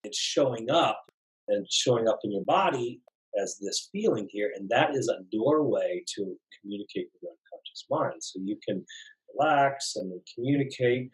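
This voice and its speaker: A man teaching a somatic dialogue practice in a calm, gentle, explanatory way. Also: medium pitch, moderate pace, low-quality recording. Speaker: somatic facilitator. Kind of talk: guided teaching talk.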